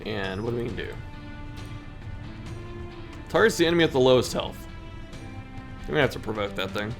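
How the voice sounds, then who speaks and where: A man's voice: mid-range voice, lively intonation, fairly quick, gravelly, over music. A man hosting a gaming video, reading in-game story text aloud and commenting on his turns, poking fun at his own mistakes. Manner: self-deprecating, laughs at own mistakes.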